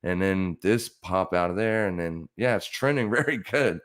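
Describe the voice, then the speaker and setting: A man's voice: sits low, animated, normal speed, a bit bright. A man hosting a live trading stream, talking through charts in a blunt, casual coaching way, repeating himself for emphasis.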